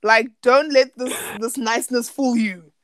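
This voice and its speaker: A woman's voice: on the high side, a little slow. A South African woman co-hosting a podcast, ranting bluntly and teasingly in a casual reality-TV recap chat. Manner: blunt, animated, teasing rants. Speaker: podcast co-host.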